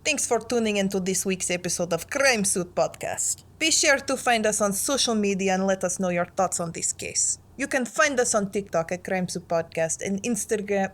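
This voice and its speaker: A woman's voice: mid-range voice, lively intonation, moderate pace, natural voice. Fake russian accent from a woman host, stiff announcer-ish sign-off. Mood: mock-serious. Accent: put-on Russian. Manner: mock-formal announcer delivery.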